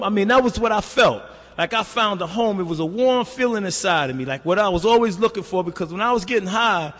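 An older man giving a recovery testimony in a loose, streetwise, conversational way. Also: high-pitched. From New York. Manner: streetwise, loose and conversational, constant "you know". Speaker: speaker sharing at a recovery meeting. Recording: reverberant hall.

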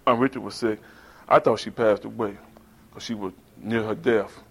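A man's voice: lowish voice, steady tone, moderate pace, gravelly, breathy edge. A man from North Carolina telling his personal story at a recovery meeting in a conversational way, often calling the listeners "man.". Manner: conversational, addresses the room with "man".

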